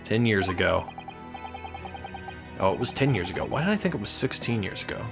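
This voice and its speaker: A man's voice: fairly low pitch, big pitch swings, a little fast, vocal fry. A young man casually commenting on a video game he is playing, wry and self-deprecating. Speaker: let's player. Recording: faint game music behind.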